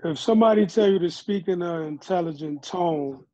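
A man's voice: high voice, moderate pace, dark tone. A man in a class, tentatively offering answers to the teacher, heard from a distance on a dull lo-fi recording. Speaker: class participant.

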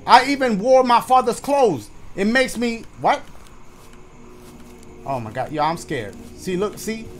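High, lively man doing scared game commentary. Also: measured pace, a little hiss or hum. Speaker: gaming YouTuber. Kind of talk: let's-play commentary.

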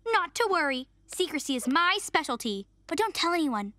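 Bubbly cartoon girl, gushing and eager, very high and bright. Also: big pitch swings, normal speed, dry recording, exaggerated voice. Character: excitable, bubbly young girl.

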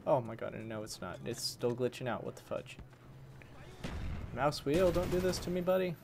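A man's voice: mid-range voice, expressive, moderate pace, vocal fry, a little mellow. Man grumbling over game gunfire. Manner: grumbling, swaps swears for mild words, talks to enemies. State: voice worn from long recording. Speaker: gaming channel host. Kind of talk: casual gameplay commentary. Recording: game gunfire noise behind voice.

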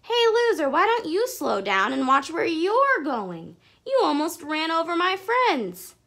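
A fearless little schoolgirl barks orders in a high, sharp voice, put on by a woman reading. She sounds sassy and commanding, pushing her lines out loud with big swoops of pitch. It's a storybook voice for young listeners. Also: big pitch swings, a little slow, gravelly, breathy edge, heavily acted. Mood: bossy. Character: bold, bossy young schoolgirl who stands up to bullies.

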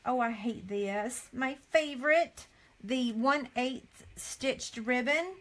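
A woman's voice: high-pitched, takes it slowly. A middle-aged woman, chatting live with viewers as a craft demonstrator and reading items off a catalog, with frequent dismayed sighs. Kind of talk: casual live chat with viewers.

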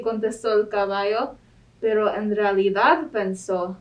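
A woman reading a picture book aloud at a library storytime, in a clear, steady manner. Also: mid-range voice, normal speed, lo-fi sound. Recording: mic at a distance.

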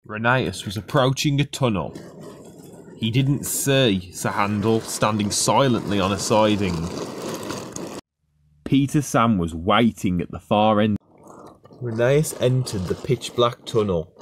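A man narrating a children's story in a steady, plain reading voice. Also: on the low side, a little hiss or hum.

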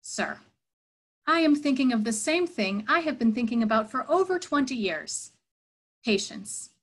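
A woman voicing a wise old male hermit who speaks slowly and calmly, as part of a sermon story. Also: on the high side, slightly rough, exaggerated voice. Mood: annoyed.

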